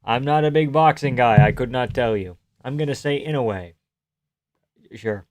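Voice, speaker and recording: A man's voice: medium pitch, moderate pace, darkish tone. A young man hosting a live stream, casually chatting and reading viewer comments aloud, swearing freely and laughing often.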